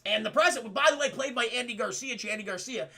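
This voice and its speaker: A young man streaming a rambling film review to his chat, with a very high voice that has a gravelly edge. He talks loosely, swears freely and breaks into laughter, with a bright, sharp tone. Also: fast. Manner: rambling, profane, addresses chat often, laughs a lot. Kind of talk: casual spoiler review chat.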